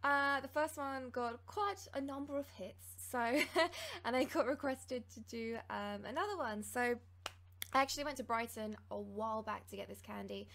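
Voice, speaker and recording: A woman hosting a casual taste-test vlog, bubbly and excitable, gasping and giggling. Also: on the high side, moderate pace, vocal fry. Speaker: YouTuber.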